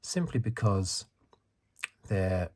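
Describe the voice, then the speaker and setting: A man in his fifties from the UK, talking in a soft-spoken ASMR chat, rambling and correcting himself. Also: deep voice, lively intonation, slow. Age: 50s. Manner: rambling, self-correcting, chuckles. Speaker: ASMR channel host.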